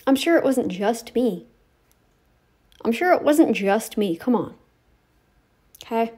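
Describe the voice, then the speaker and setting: A woman with a slightly high voice rants straight to the camera in a vlog. She rambles and scolds with a sarcastic edge and fills her talk with "like". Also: animated, slow pace, long pauses, darkish tone, slightly rough. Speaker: YouTube commentator. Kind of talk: ranting direct-to-camera commentary.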